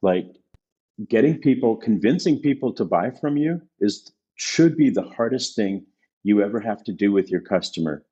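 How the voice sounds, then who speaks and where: A man's voice: on the low side, animated, moderate pace, warm tone, husky, muffled recording. A male business consultant speaking as a podcast guest, making his points emphatically and repeating them for stress. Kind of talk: casual conversational interview.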